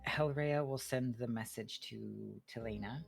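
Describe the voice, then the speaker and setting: A woman's voice: extremely low pitch, measured pace, creaky, soft background music. A woman playing a tabletop game, describing her character's moves in a matter-of-fact way. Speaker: player.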